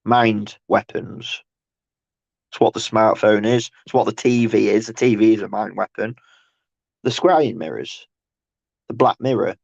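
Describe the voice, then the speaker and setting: A man rambles through a casual livestream rant, stopping and restarting his thoughts and slipping into sarcastic mocking bursts. His voice is dark and mellow. The recording is dull and lo-fi, with a dry, close sound. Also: creaky, dry recording. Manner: halting, restarts often, mocks others in sarcastic high bursts.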